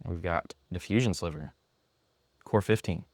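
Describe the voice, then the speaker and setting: A man presenting an app in a product demo, talking excitedly and a bit sarcastically in an indoor room. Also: deep voice, normal speed, a little hiss or hum.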